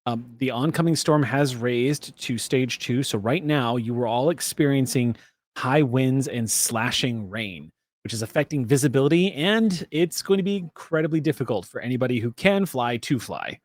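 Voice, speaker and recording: Relaxed man narrating as game master. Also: medium pitch, normal speed, dry recording. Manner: relaxed, chatty narration with fillers.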